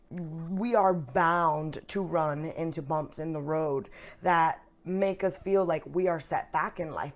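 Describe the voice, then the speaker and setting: A woman, an actress, speaking openly and earnestly about her feelings in a casual interview chat, with plenty of fillers. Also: lowish voice. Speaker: actress, guest.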